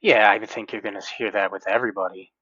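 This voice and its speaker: A man's voice: on the low side, fairly even intonation, quick pace, sharp tone, no echo. A man co-hosting a casual sports podcast who talks emphatically, like a passionate fan. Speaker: podcast co-host. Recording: dull lo-fi recording.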